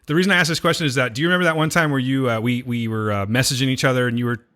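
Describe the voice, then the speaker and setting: Bright-voiced American podcast host. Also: male voice, mid-range voice, fairly even intonation, racing. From United States. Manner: laughs often, asks rambling questions. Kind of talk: casual chat.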